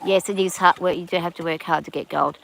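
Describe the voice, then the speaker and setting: A woman's voice: on the low side, fairly even intonation, fast talker, vocal fry, fairly bright tone, a little hiss or hum, low-quality recording. A woman with a rural Australian accent, hosting a live stream outdoors and chatting casually as she reads viewer comments aloud and answers them. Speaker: livestream host reading chat.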